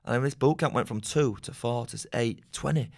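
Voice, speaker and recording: A man's voice: mid-range voice, creaky. A man, telling rambling, sweary stories as a podcast guest. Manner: fast, rambling, swears often, laughs. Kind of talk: casual storytelling chat.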